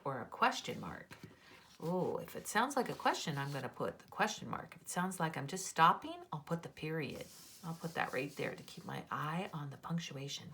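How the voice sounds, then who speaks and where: A woman teaching young children to write, sounding out letters slowly and exaggerating her voice. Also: on the low side, a bit bright.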